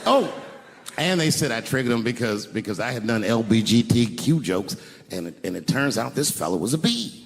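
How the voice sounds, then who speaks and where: A man doing a stand-up routine on a theater stage with a handheld mic, swinging from high incredulous outbursts to low, hushed storytelling. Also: animated, normal speed, creaky. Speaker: stand-up comedian. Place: large theater stage with a live audience. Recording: live hall reverb, audience noise.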